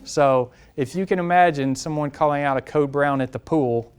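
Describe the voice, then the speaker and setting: A man with a Southern US accent and a fairly high voice speaks at a moderate pace over a noisy background. He's a campus police safety trainer at a live seminar in a classroom lecture room, addressing the class directly and conversationally, repeating key points and asking questions.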